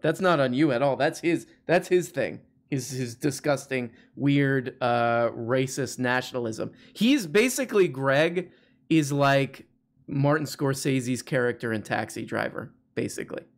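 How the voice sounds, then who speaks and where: A man's voice: mid-range voice, animated, unhurried. A man hosting a casual call-in show, rambling and joking with plenty of fillers. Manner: rambling, jokey, many fillers. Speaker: show host. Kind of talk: casual livestream call-in chat.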